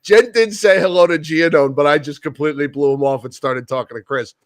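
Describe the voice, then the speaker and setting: A man with a fairly high voice co-hosts a sports talk podcast and tells stories in a loose, rambling way. He restarts his sentences and acts out what others said. The sound is dry and close to the mic. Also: brisk, no echo. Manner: rambling storyteller who repeats himself and acts out quoted talk. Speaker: podcast co-host. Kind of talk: casual chat.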